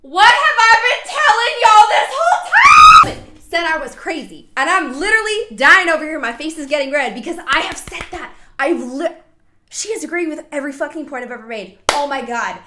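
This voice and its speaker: Excited high-voiced woman reacting. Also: a little fast, noisy background. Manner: excited, emphatic, swears freely. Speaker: anti-MLM commentator. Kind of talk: reaction commentary.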